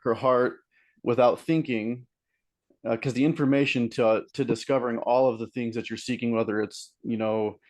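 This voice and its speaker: A man's voice: mid-range voice, steady tone, moderate pace, darkish tone. A young man talking casually as a guest teacher, meandering with many "likes" and "ums". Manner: meandering and hesitant, full of "like" and "um". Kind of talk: casual explanatory talk.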